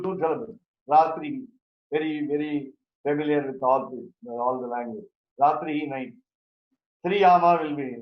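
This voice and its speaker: A man teaching a Sanskrit grammar class, talking haltingly with many fillers and restarts. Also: on the high side, echoey room, dull audio.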